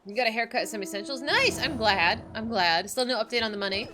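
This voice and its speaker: A woman's voice: a little high, fast talker, bright, forceful tone, a little hiss or hum. A woman livestreaming a video game, chatting playfully with her viewers, joking about herself and laughing often. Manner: talks to chat while reading game text. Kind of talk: casual gameplay chatter.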